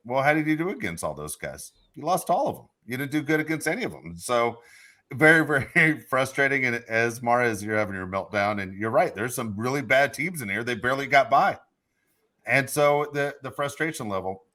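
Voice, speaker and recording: A man's voice: mid-range voice, bright, forceful tone. A man hosting a sports podcast, frustrated and emphatic in casual chat. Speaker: podcast host.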